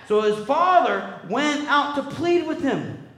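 High-voiced preacher man, echoey hall. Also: normal speed. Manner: animated preaching with sudden loud jumps and quiet drops; conversational, checks in with "right?" and "okay?". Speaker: pastor. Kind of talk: sermon.

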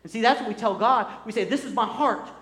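A man preaching a sermon as pastor, animated and acting out the voices he quotes. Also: extremely high pitch, quick pace. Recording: echoey hall.

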